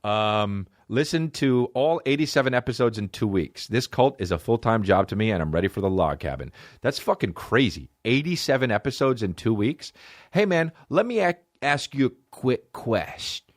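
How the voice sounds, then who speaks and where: A man hosting a comedy podcast, ranting profanely and swinging between excited highs and low mutters. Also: moderate pace, dry recording, clean studio sound. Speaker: podcast host. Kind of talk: solo comedy podcast rant.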